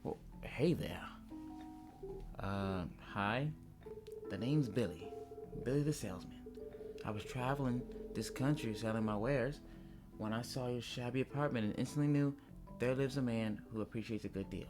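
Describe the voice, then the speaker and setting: A man's voice: medium pitch, normal speed, pauses often, over music, close to an everyday voice. A man doing a pushy traveling salesman. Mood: smarmy. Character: pushy smooth-talking male traveling salesman.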